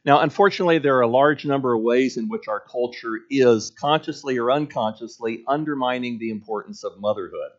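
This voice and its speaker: A middle-aged male pastor giving an earnest sermon, using rhetorical questions and measured pauses. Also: mid-range voice, dull audio.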